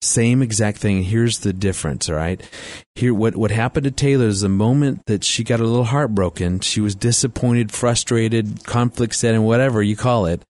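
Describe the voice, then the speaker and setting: A man's voice: fairly low pitch, normal speed, a little mellow, no echo. A middle-aged man speaking on marriage and family, telling stories with a chatty manner, laughing often and restarting sentences. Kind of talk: storytelling talk with faith references.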